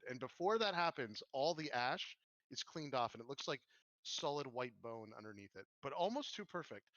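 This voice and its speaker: A man's voice: medium pitch, a bit bright, no echo. A man narrating as game master for a tabletop game, rambling with many restarts. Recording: dull lo-fi audio.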